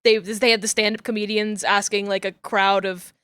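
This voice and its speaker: A woman's voice: mid-range voice, flat delivery, moderate pace, a bit bright, clear, resonant tone, no echo. A young adult woman streamer chatting casually and rambling with many fillers while playing a game. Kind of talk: casual chat while gaming.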